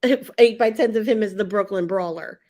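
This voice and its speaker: A woman's voice: medium pitch, fairly quick, dark tone. A woman co-hosting a casual wrestling podcast who talks with emphasis and enthusiasm and swears freely. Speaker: podcast co-host. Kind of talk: casual chat.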